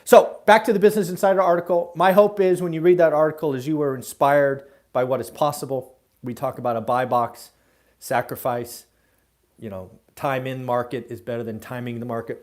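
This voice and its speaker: A man's voice: medium pitch, steady tone, brisk, darkish tone. A middle-aged man hosting a live daily real estate show from his room at home, giving direct, emphatic advice with frequent "uh" fillers. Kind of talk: live solo talk to camera.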